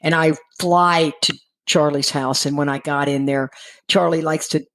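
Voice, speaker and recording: A woman's voice: low-pitched, fairly even intonation, moderate pace, fairly bright tone, poor audio. A middle-aged woman from Texas sharing her personal recovery story candidly, acting out the dialogue of the people in it. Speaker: guest speaker in recovery.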